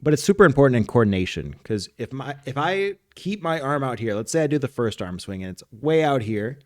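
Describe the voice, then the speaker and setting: In a sing-song, mid-range voice at a fairly quick clip, a soccer coach who co-hosts a podcast explains and demonstrates technique in a relaxed, instructional way. The recording is dry with clean studio sound.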